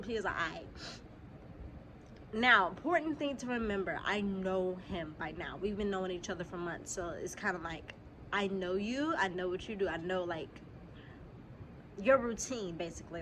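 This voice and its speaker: A young woman speaks, spilling a story to her viewers in a casual vlog. Her delivery is animated and full of cursing, and she sounds a little under the weather. She is recorded outdoors on a phone camera, with faint noise behind her. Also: medium pitch, moderate pace. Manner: animated, profane, talks straight to viewers. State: slightly sick, clears throat. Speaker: vlogger.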